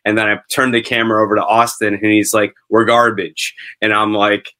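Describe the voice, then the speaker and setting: Male podcast co-host, bright forceful tone, halting and filler-heavy. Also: fairly low pitch, level tone, smooth. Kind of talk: casual chat.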